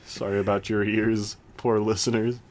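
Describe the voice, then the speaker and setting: A young man co-hosting a casual podcast chat, rambling with lots of restarts and animated rants. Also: fairly low pitch, moderate pace. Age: young adult. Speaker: podcast co-host.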